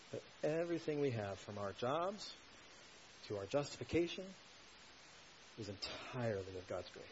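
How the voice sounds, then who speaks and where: A man preaching an expository sermon, stressing key words loudly and asking rhetorical questions. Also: mid-range voice. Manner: emphatic, swells to loud stresses, asks rhetorical questions. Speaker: pastor. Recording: dull lo-fi recording with faint hiss.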